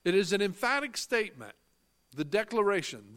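Here a preacher speaks in a high-pitched, sing-song voice with a fairly bright tone. Slowly and with emphasis, he quotes scripture in antique wording, explains it, stresses important phrases, and answers the questions he puts to his audience.

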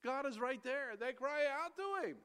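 A man preaching an expository sermon, reading scripture slowly and swinging between loud emphasis and hushed near-whispers. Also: very high voice, expressive. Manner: reads verses in slow King James cadence.

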